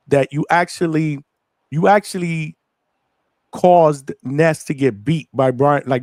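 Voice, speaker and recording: Energetic slangy man hosting a live show. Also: mid-range voice, no echo, clean studio sound. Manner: energetic, slangy, gives shout-outs to viewers. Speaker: host of a live boxing show. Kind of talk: casual live-stream chat.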